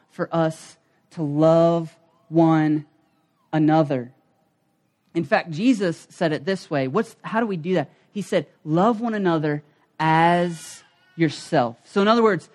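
A middle-aged man preaching a sermon in a conversational, animated storytelling manner. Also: high-pitched. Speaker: pastor.

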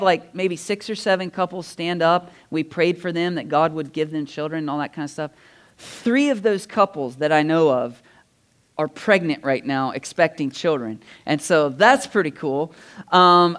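A male pastor delivers his sermon like a chat with friends. He has a slightly high, clean, smooth voice and tells stories with lively asides and quick laughs. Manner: animated, conversational storytelling with laughs and asides. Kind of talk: sermon storytelling. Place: church.

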